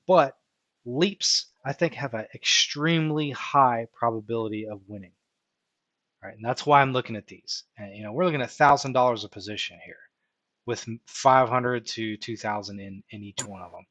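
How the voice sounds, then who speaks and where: A man hosting a live stream, walking viewers through his reasoning out loud and often checking in with "right?". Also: mid-range voice, dry recording, dull audio. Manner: thinks aloud, tags points with "right?". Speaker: live-stream host teaching stock options. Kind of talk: unscripted live-stream walkthrough.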